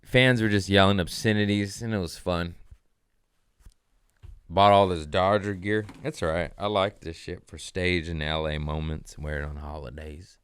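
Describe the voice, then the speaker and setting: Man, comedian podcast host, deep voice, smooth tone, profane rambling storytelling, casual. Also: steady tone, normal speed, fairly bright tone, no echo.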